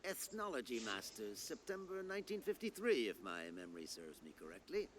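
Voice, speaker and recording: A man's voice: mid-range voice, sing-song, a little fast, fairly bright tone. A man voicing a pompous, rule-bound old university rector in a video game. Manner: pompous, formal.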